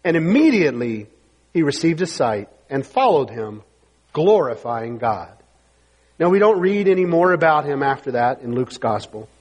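Male pastor, husky and emphatic, preaching in a long-reverb hall. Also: fairly high pitch, sing-song, moderate pace. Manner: emphatic preaching, reads scripture aloud. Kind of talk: sermon.

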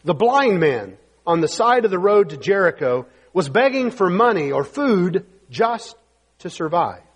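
Emphatic pastor, high lively voice. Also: male voice, unhurried, husky. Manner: emphatic preaching, reads scripture aloud. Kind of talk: sermon. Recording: long hall reverb.

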